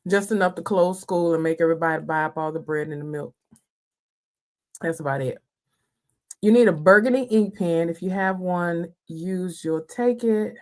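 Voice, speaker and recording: A friendly woman hosts a live stream and greets her viewers one by one. She talks in a loose, folksy way and calls people girl and honey. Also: fairly low pitch. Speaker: livestream host.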